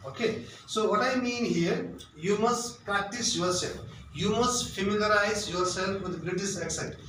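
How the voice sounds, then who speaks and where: A man's voice: sits high, a bit bright, a little hiss or hum. Echoey Nepali-accented male English tutor. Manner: repetitive, asks rhetorical questions and answers them. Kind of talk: spoken tips lesson. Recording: very echoey room, mic at a distance.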